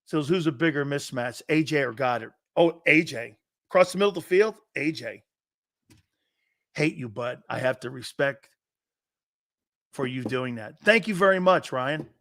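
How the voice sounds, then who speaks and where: Brash, lively-voiced male sports show host. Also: mid-range voice, moderate pace, pauses often. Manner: brash, joking, profane banter with chat. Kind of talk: live-streamed sports talk, reading viewer comments.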